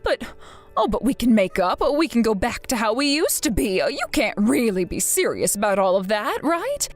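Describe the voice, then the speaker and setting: A woman voicing a whiny, manipulative older mother who pleads and guilt-trips in an animated story. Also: fairly high pitch, moderate pace, faint music behind. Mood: pleading.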